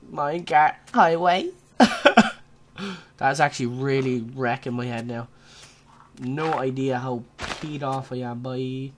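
A young man narrates his own gameplay in a loose, joking way, breaking into yelps and rants whenever the game goes wrong. He talks at an unhurried, drawn-out pace. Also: a little high, slight background noise. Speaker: gaming channel host. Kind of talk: casual gameplay commentary.

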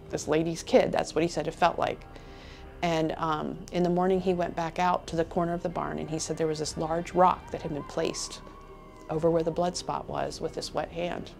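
A woman's voice: on the low side, gravelly. A woman being interviewed, earnestly retelling a story she heard and slipping into the teller's own words. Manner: earnest retelling that slips into quoting others. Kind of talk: casual storytelling.

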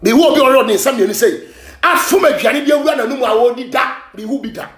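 A Ghanaian man hosting a gossip show, ranting and scolding in heated commentary, often shouting, switching between Twi and English. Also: very high-pitched, quick pace, reverberant.

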